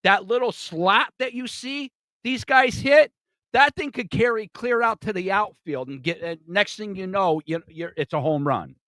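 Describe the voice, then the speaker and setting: A man's voice: high voice, moderate pace, pushed and bright, dry recording. A man co-hosting a sports podcast, agreeing often and explaining points patiently. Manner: agreeable, explanatory, frequent affirmations. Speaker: co-host. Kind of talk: casual sports podcast chat.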